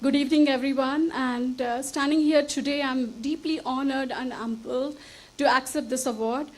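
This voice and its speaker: On an auditorium stage, an Indian woman delivers an earnest, formal acceptance speech into a podium microphone at a moderate pace. Her high voice holds fairly even intonation, showing gratitude and a touch of emotion, captured on a low-quality recording.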